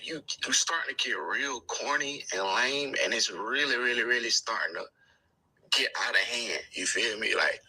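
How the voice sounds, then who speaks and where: Young rapper dude being defensive, very bright sharp voice, kinda husky, blunt slang talk. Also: male voice, mid-range voice, expressive, normal speed, rough recording. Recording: played from a video.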